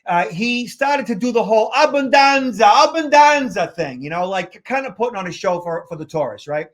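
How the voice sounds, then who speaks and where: A man's voice: high voice, lively intonation, a little fast. A man, co-hosting a podcast and telling a long travel story in a rambling, casual way full of fillers. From Boston area, USA. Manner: rambling anecdotes with frequent fillers. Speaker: podcast co-host, security consultant.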